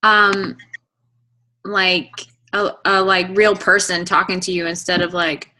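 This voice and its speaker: Bright-voiced woman chatting on a call. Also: fairly low pitch, slow. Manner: relaxed, hesitant, filler-heavy. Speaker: team coach. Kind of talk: casual team call.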